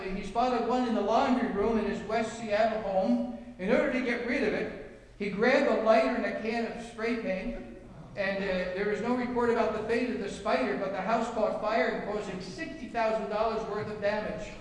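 A man preaching a sermon as pastor, reading scripture and telling anecdotes with rhetorical questions to the congregation. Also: sits high. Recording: echoey hall, mic from far off.

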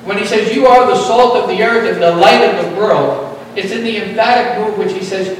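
Man, pastor, sermon, emphatic repetition, high voice, distant mic, very echoey church hall. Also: animated, moderate pace, a little hiss or hum.

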